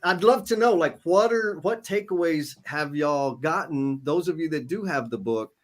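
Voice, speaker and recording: Higher-pitched man co-hosting a livestream. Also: moderate pace. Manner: reads viewer comments aloud, gets tearful and emotional. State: emotional, near tears. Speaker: co-author and livestream co-host. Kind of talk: casual livestream chat.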